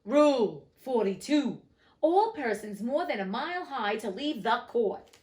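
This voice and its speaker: A woman's voice: on the high side, sing-song, measured pace, darkish tone, recorded from a distance. Woman reading as a grave storybook king. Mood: commanding. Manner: solemn, emphatic pronouncements. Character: grave, pompous male king presiding at a trial.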